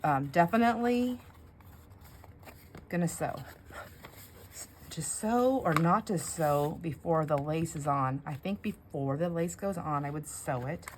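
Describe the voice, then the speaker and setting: A woman's voice: low-pitched, measured pace, pauses often, slight background noise. A middle-aged woman vlogging casually while she crafts, rambling and talking to herself with many fillers. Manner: rambling, self-talk with fillers and laughs.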